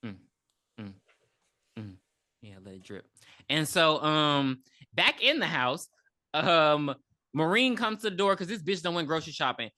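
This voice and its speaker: A woman's voice: deep voice, sing-song, measured pace, long pauses, pushed and bright, dry recording, clean studio sound. A woman co-hosting a podcast, retelling a movie in a rambling, profane way with lots of ums and acted-out quotes. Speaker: podcast co-host. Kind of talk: casual movie recap chat.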